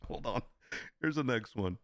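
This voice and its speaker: A man's voice: mid-range voice, expressive, normal speed, gravelly, very noisy. A man hosting a casual livestream, laughing often and reacting in disbelief as he reads. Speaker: livestream host.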